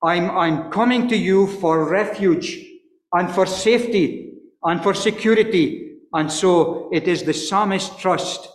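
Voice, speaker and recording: A man preaching an earnest expository sermon, stumbling and repeating words, and reading scripture slowly in old-fashioned wording. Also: sits high. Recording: echoey hall with long reverb.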